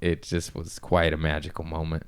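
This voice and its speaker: A man's voice: rumbling low, completely flat delivery, moderate pace, clean tone. A man, a stand-up comedian, telling rambling, profane stories in a casual podcast chat.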